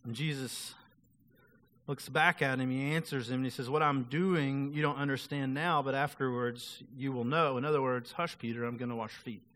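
A man's voice: mid-range voice, steady tone, moderate pace, a bit bright. A male pastor preaching a sermon in a casual, conversational way, acting out quoted voices of the people he talks about.

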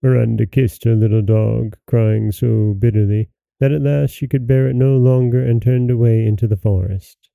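A man hosting and narrating a folktale in a slow, measured storybook reading. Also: mid-range voice, fairly even intonation, vocal fry, clean tone, no echo, phone-quality sound. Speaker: host and narrator.

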